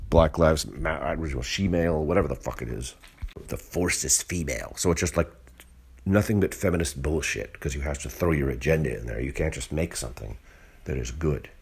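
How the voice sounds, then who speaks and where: A man's voice: a bass voice, gravelly, breathy edge. A man hosting a solo podcast, ranting bluntly and profanely in a rambling, disgruntled way with frequent restarts. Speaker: podcast host. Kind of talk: solo monologue rant.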